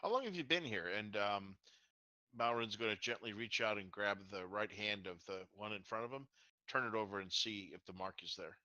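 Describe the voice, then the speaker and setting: A man's voice: on the low side, fairly even intonation, normal speed, sharp tone, smooth, no room sound, highs cut off. A man playing his character in a tabletop game, hesitant with many fillers. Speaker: player.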